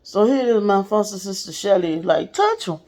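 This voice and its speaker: With a mid-range, dark-toned voice at a moderate pace, a woman hosts a podcast and tells her listeners a personal story. She speaks straight to them, casual, candid, and profane.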